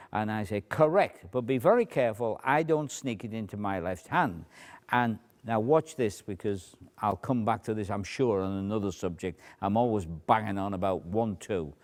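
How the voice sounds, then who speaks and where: A man's voice: medium pitch, darkish tone. A man, a magician talking through a routine in a chatty, explanatory way, with asides. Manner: chatty, explanatory, shifts into asides and acted quotes. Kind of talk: demonstration tutorial.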